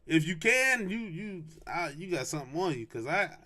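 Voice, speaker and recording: A young adult man hosting a podcast, telling a casual story in a slangy, animated way and repeating lines for emphasis. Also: high-pitched, moderate pace. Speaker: podcast host.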